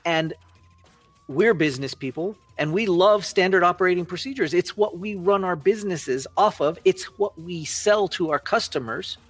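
A man talking casually as a podcast guest, animated and folksy in his storytelling. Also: sits high, moderate pace, no room sound, soft background music. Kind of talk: casual conversation.

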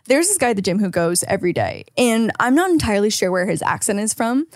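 A woman's voice: medium pitch, very animated, fast, no echo, clean studio sound. A woman co-hosting a podcast, chatting casually with lots of "like" and free swearing. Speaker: podcast co-host.

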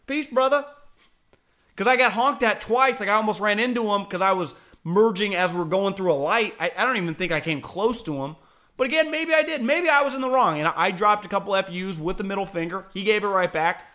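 A man co-hosting a relaxed podcast, with a high voice and a bright, forceful tone. He tells stories with animation and swings from easygoing to loud and heated. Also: fast talker. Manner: animated storyteller, swings between laid-back and shouty. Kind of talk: casual podcast chat.

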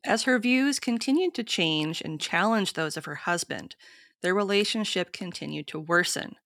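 A woman with a lowish voice and a gravelly, fry-laden edge, reading history aloud on a podcast. She keeps a steady, measured storytelling pace. The recording is close and dry, with no room sound. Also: no echo. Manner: steady, measured storytelling with frequent short agreements. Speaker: podcast co-host. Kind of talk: reading researched history to co-hosts.

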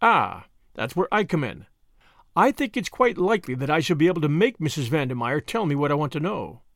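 A man voicing a shrewd, measured older lawyer in an audiobook, with a dry, authoritative delivery. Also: on the high side, very animated, fairly bright tone, no room sound. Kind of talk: audiobook character voice.

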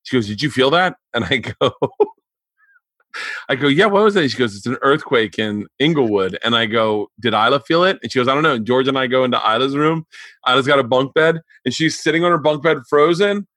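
A man's voice: medium pitch, a little fast, a bit bright, no echo. A man in his forties hosting a comedy podcast, telling casual stories with frequent laughter and reactions. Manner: laughs often, reacts a lot, casual storyteller. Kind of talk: casual chat, storytelling.

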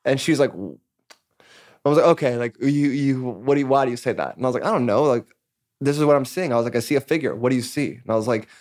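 Quick, chatty male guest who acts out quoted lines as he rambles through a story. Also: mid-range voice, a little mellow, dry recording, clean studio sound. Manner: rambling, filler-heavy, acts out quoted dialogue. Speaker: podcast guest, musician. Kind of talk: casual storytelling interview.

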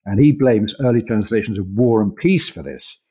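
A man's voice: on the low side, normal speed, warm tone, slightly rough. A man co-hosting a news podcast, chatting casually as he reads out listener messages with his own asides. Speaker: podcast co-host.

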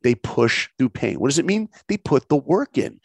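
Brief: middle-aged male guest, a dry close sound, punchy and animated, acts out every line. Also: medium pitch, normal speed, creaky, slightly rough, no echo. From New York. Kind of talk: motivational storytelling.

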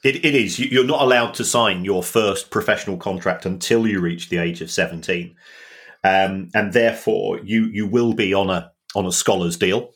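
A man's voice: deep voice, normal speed, fairly bright tone. Hesitant South East London man. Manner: hesitant, many restarts. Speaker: football finance expert. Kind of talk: casual chat.

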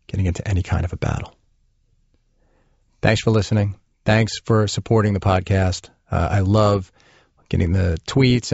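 A man's voice: fairly low pitch, darkish tone, dry recording, dull audio. A man hosting a podcast interview, talking earnestly with many fillers and restarts. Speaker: podcast host. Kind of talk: casual interview chat.

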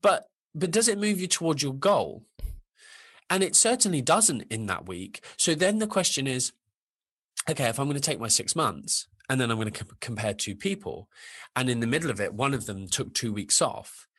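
A man talking as a guest on a podcast, animated and rambling, full of restarts and sudden jumps in pitch. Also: normal speed, breathy edge. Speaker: nutritionist guest. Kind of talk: casual podcast chat.

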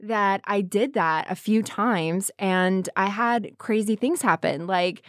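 A woman's voice: medium pitch, slow, no room sound, studio quality. A woman with a slight Southern American accent co-hosting a casual podcast, telling stories with lots of laughter and restarts. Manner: giggly, animated storytelling with restarts. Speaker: podcast co-host. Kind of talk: casual chat.

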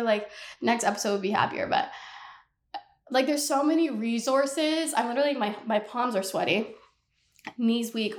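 A woman's voice: fairly high pitch, echoey room. A woman in her twenties hosting a podcast alone, ranting candidly in casual talk and swearing freely. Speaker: podcast host. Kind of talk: casual solo podcast rant.

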